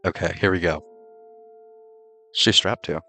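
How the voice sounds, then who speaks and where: A man's voice: low voice, unhurried, faint music behind. A man hosting a let's play, reacting with laughs and swearing and reading game dialogue aloud. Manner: excitable, swears, laughs often.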